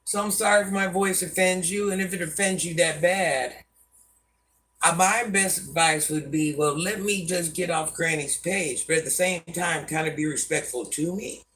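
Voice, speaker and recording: A woman around sixty with a deep voice, a live-stream host giving life advice to viewers in a folksy way, calling them baby and hun and calling herself Granny. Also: normal speed, a bit bright, recorded from a distance.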